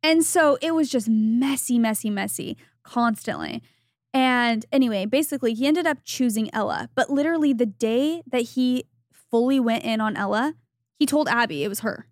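A young woman co-hosting a podcast, telling a story in animated casual chat and acting out what people said. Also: on the high side, normal speed, no echo, clean studio sound. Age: young adult. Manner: animated gossipy storytelling with quoted voices. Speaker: podcast co-host.

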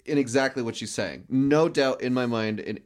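A man's voice: medium pitch, normal speed. Rambling man, podcast guest. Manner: rambling, restarts, many "like" fillers. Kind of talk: casual chat.

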